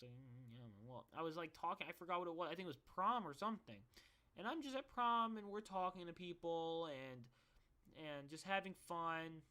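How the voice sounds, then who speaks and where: His voice is a little high and sharp, his pace moderate. The young vlogger rambles casually through his stories, poking fun at himself along the way.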